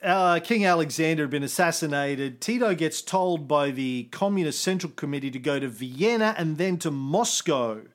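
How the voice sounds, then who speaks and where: A man co-hosts a relaxed history podcast. He tells stories with a joker's loose rhythm and a fairly high voice. He keeps the talk light and chatty. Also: normal speed, hardly any pauses. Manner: jokey storyteller, slips into silly voices. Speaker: podcast co-host. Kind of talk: casual history podcast chat.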